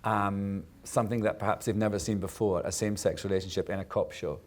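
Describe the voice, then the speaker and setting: A man's voice: lowish voice, steady tone, fast talker. A middle-aged man talking on a panel in a casual, chatty way, laughing often and often restarting his sentences. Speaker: actor on a panel.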